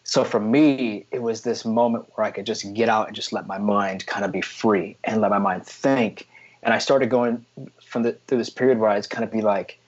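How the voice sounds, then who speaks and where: Husky man telling stories energetically. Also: on the low side, normal speed, lo-fi sound. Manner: energetic storytelling with frequent "freaking" and "man". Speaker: guest photographer. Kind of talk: casual podcast interview.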